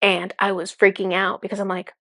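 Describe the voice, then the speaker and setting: A woman's voice: mid-range voice, flat delivery, a little fast, fairly bright tone, no room sound, clean studio sound. A woman speaking as a spiritual channeler in a casual, enthusiastic monologue full of fillers. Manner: chatty, filler-heavy, enthusiastic.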